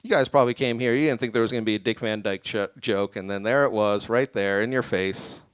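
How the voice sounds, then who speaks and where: A young man doing a stand-up set in a small venue, rambling and deadpan, a bit tipsy. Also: lowish voice, fast, clear, resonant tone, no echo. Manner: deadpan, rambling, self-deprecating. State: tipsy from drinking. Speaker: stand-up comic. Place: small creative community venue with live audience.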